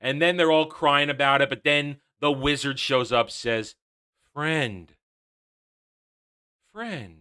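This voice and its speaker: A man's voice: medium pitch, normal speed, hardly any pauses, pushed and bright, clear, resonant tone. A man giving a casual, sarcastic episode review, mocking and ranting with frequent laughs. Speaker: TV show reviewer.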